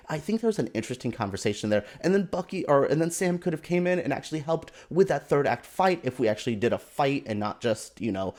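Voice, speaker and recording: A man giving a casual, animated and exasperated opinion rant as a film commentator, with sarcastic asides. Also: medium pitch, fast talker, hardly any pauses.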